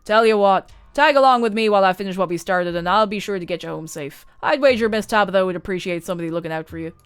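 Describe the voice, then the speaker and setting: A woman voicing a gruff older male mountain hunter in a story game, with a blunt, folksy drawl over faint music. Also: mid-range voice, quick pace, close to an everyday voice.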